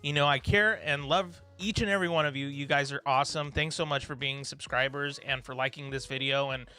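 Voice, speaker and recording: A man's voice: medium pitch, steady tone, a little fast, sharp tone, clean tone, faint music behind. A man hosting a study livestream, chatting casually with viewers, rambling and encouraging with plenty of fillers. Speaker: livestream host. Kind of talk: casual chat reading viewer comments.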